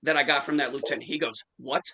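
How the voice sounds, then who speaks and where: A man's voice: mid-range voice, fairly even intonation, quick pace, a crowd in the background, low-quality recording. A man in his forties telling a profane story in casual chat, acting out the quotes. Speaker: podcast host.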